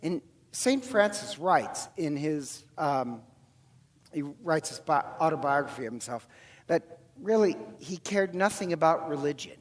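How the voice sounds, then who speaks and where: A high-voiced man from Ireland gives a homily, telling the story in a loose, chatty way. He stops often on fillers and corrects himself as he goes. His voice rings out with a long reverb in the church. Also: lively intonation, unhurried. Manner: conversational storytelling with frequent fillers and self-corrections. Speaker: priest.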